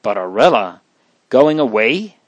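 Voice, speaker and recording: A man's voice: medium pitch, unhurried, no echo, lo-fi sound, close to an everyday voice. A man reading aloud, voicing a wistful, anxious young girl in a storybook.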